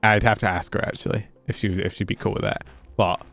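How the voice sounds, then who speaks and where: A man's voice: fairly low pitch, fairly even intonation, quick pace, vocal fry, a bit bright, soft background music. A Scottish man streaming a game, chatting casually with his viewers, joking and swearing freely as he plays. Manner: chatty, joking, swears freely, talks to chat while playing.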